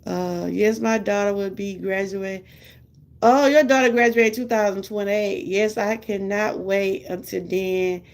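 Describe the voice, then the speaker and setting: A woman's voice: medium pitch, steady tone, unhurried. Chatty older Southern woman chatting with viewers. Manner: chatty, talks straight to viewers, laughs often. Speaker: vlogger chatting with live viewers. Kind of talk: casual live-stream chat.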